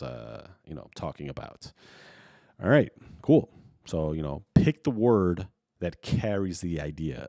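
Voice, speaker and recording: A man giving a casual software tutorial, thinking aloud and filling pauses with ums and you knows. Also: low-pitched, dry recording, studio quality. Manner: relaxed, thinking aloud with many fillers. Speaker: video editing tutor. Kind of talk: casual screen-recorded tutorial.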